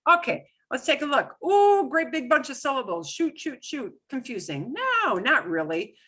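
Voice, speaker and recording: A woman's voice: high voice, wildly swooping pitch, normal speed, bright, forceful tone. A middle-aged woman teaching a beginner Spanish lesson online, explaining rules step by step with playful exclamations.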